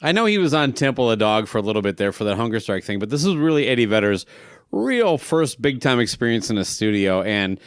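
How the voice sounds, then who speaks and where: A man hosts a relaxed interview and builds his questions slowly, circling back and restarting as he goes. His pitch sits in an ordinary middle range. The recording is dry and close, with no echo. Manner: long winding questions with restarts. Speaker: podcast host.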